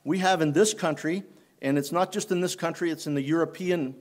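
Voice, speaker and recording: A man preaching a sermon in church, unhurried and halting, often restarting his phrases. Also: on the high side. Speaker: pastor.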